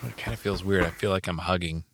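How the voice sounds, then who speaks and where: A man's voice: sits low, fairly even intonation, quick pace, fairly bright tone. A young man in casual comedic role-play, playful, hesitant and easily flustered.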